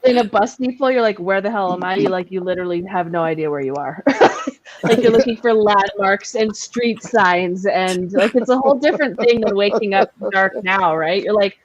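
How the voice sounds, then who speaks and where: A woman's voice: mid-range voice, moderate pace. Woman co-host, teasing, casual chat, muffled lo-fi audio. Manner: teasing, laughs often.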